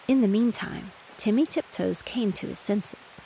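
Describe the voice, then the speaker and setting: Gentle bedtime-story narrator, woman, gravelly low edge, faint rain underneath. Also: measured pace, a little hiss or hum. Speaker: audiobook narrator. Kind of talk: calm bedtime story reading. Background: rain and distant thunder.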